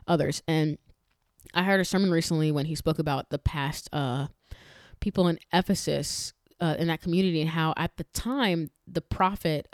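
A woman's voice: sits low, a little mellow, no echo. Earnest woman podcaster, dry sound. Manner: earnest and emphatic, with many restarts; chatty, addressing listeners directly. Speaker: podcast host. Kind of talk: faith-based podcast talk.

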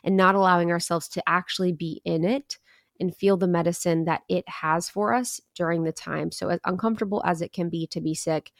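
Gravelly low-voiced woman, candid storyteller. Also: dry recording, studio quality. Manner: earnest, candid, dips into quoted inner thoughts. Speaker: podcast guest. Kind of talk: reflective storytelling.

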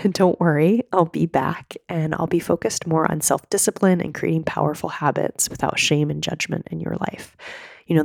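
A woman in her thirties hosting a solo podcast, coaching listeners in an earnest, direct way while hoarse from a cold. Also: deep voice, a little mellow, no room sound, studio quality. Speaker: podcast host and mindset coach.

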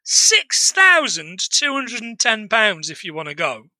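A man co-hosting a casual film review chat, animated and jokey, laughing often. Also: high voice, a little slow, dry recording, low-quality recording. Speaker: podcast co-host.

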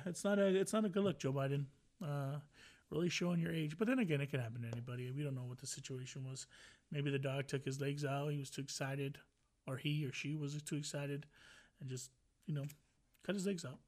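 A man's voice: on the high side, fairly even intonation, fairly quick, darkish tone. A man hosting a podcast alone, rambling and joking with a lot of profanity in casual chat. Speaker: podcast host.

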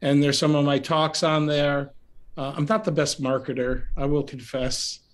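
Male podcast guest, higher voice, soft-spoken and reflective, pauses and restarts. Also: fairly even intonation. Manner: gentle, unhurried, many restarts and fillers. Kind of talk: reflective interview talk. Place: remote call from home.

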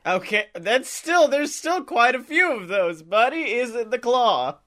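A man's voice: very high-pitched, animated, measured pace, a bit bright. A man co-hosting a comedy podcast in casual, teasing chat. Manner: jokey, teasing, laughs often. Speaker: podcast co-host.

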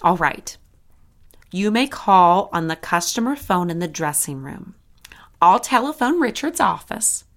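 An actress playing a polished saleswoman in an audio drama, speaking in a smooth, solicitous way. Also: on the low side, sing-song, unhurried. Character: polished woman, attentive dress shop saleswoman.

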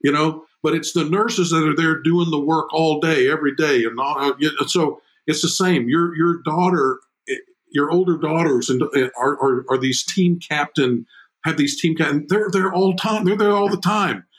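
A middle-aged man, guesting on a podcast, talks about fatherhood at normal speed in an animated, conversational way. He's emphatic, repeats words, and his pitch jumps when he's excited; the audio is poor.

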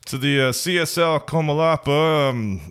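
A man's voice: on the high side, moderate pace, a bit bright, clear, resonant tone, voice pushed up, natural voice. A man voicing a nervous male military officer in a tabletop game, putting on an accent and stumbling over his words. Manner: hesitant, stumbling.

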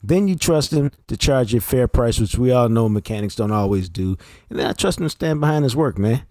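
Blunt slangy podcast cohost guy, dry close sound, middle pitch. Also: lively intonation, brisk, warm tone, dry recording. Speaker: podcast co-host. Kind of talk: casual sports talk and ad reads.

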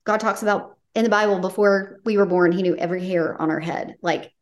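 A woman who is a podcast host and author interviews a guest in a mid-range voice, speaking fairly quickly. She gushes with heartfelt praise for the guest and grows emotional during the casual interview chat.

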